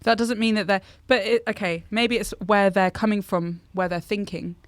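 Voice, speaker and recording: A woman's voice: mid-range voice, fairly even intonation, moderate pace, no room sound. A woman co-hosting a podcast, speaking tentatively and thinking aloud in casual chat. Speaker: podcast producer and co-host.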